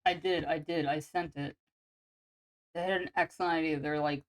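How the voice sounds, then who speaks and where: A woman's voice: low-pitched, fairly even intonation, moderate pace, long pauses. A woman artist chatting casually while drawing on stream, rambling and self-deprecating. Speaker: artist streaming sketch commissions.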